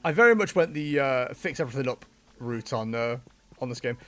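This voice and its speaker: Speaking a little fast in a medium-pitched voice, this man livestreams a game with lively, easygoing chatter. He laughs a lot and addresses both his chat and the characters on screen.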